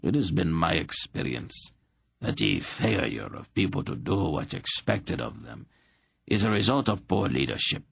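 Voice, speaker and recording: A man's voice: low voice, sing-song, a little slow, gravelly, a bit bright, slightly rough, no echo, studio quality, full character voice. A man doing a silky, menacing emperor. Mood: urbane. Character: urbane, cruel male emperor.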